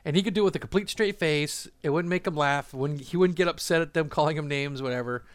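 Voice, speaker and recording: Male storyteller, relaxed rambling delivery, chuckles often, dry close sound. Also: on the high side, quick pace, clean tone, no room sound. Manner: rambling, laughs often, many fillers and restarts. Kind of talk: casual storytelling monologue.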